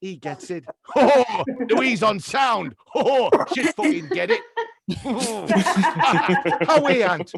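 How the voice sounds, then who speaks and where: A man's voice: sits high, sing-song, unhurried, gravelly, crowd noise, pitched above the performer's own voice, exaggerated voice. A man doing a perky male TV presenter. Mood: chirpy. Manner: perky, jokey presenter patter. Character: chirpy cheeky male TV presenter. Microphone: video call.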